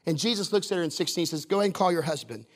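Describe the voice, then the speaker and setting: A man's voice: a little high, expressive, very fast. A man pastor preaching a sermon, conversational and joking, with asides to the congregation. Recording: long hall reverb.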